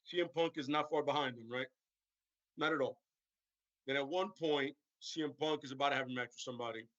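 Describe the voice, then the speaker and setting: A man hosting a stream rambles casually about wrestling storylines, tagging his sentences with "right?" and "you know what I'm saying?" His mid-range voice is brisk and a bit bright, with no room sound, in a lo-fi recording.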